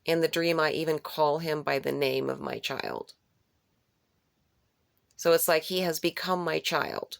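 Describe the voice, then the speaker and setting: Woman with a deep raspy voice rambling through a dream she had, keeps repeating herself, dead dry room. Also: unhurried, pauses often, no room sound. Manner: repeats phrases for emphasis; rambling, with restarts and searching for words. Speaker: vlogger recounting a dream. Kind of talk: unscripted personal retelling of a dream.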